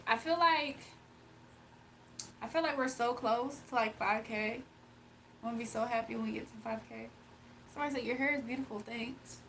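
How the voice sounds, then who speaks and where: A young woman from Virginia hosting a casual livestream, reading comments aloud, emotional and quick to laugh. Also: a little high, sharp tone, a little hiss or hum. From Virginia, USA. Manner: emotional, giggly, talks to chat. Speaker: livestream host.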